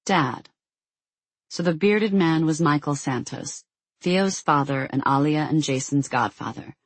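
A husky audiobook narrator reading fiction in a measured, even pace. The voice sits in a middle register and is recorded dry and close, with no room sound. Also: mid-range voice, dry recording. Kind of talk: scripted narration.

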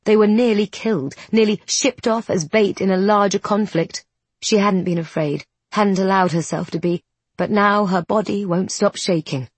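A woman narrating a storybook in a measured, descriptive way. Her voice is low and husky. The recording is dry and close. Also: dry recording. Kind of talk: scripted narration.

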